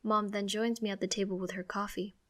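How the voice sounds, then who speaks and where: A woman reading a first-person audiobook aloud in a mid-range voice. Her narration is expressive and conversational, like a personal diary told out loud. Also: mid-range voice, brisk.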